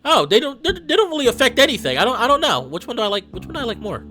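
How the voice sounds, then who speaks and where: A young man hosting a let's play, giving casual, rambling commentary with lots of restarts and excited asides. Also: extremely high pitch, racing, soft background music. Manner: rambling, self-interrupting, excitable.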